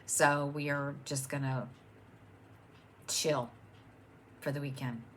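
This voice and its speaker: A woman's voice: rumbling low, steady tone, takes it slowly, a bit bright. A middle-aged woman chatting casually at home as host of her own stitching channel, rambling with many ums and restarts. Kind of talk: casual chat to camera.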